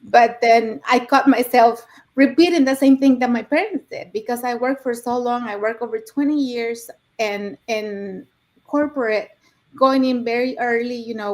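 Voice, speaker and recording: Higher-voiced woman sharing her story. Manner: earnest, reflective, with halting repeats. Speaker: guest speaker. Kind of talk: personal story.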